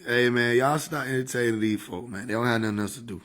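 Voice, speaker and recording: A man's voice: medium pitch, steady tone, fast talker, a bit bright. A man casually chatting on a livestream into a desk microphone, joking, swearing and laughing often. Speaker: streamer.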